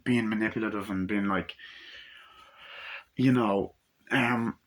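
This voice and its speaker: A man's voice: fairly low pitch, fairly even intonation, takes it slowly. A young man casually reviewing a movie on his channel, retelling the plot in a rambling way and swearing often.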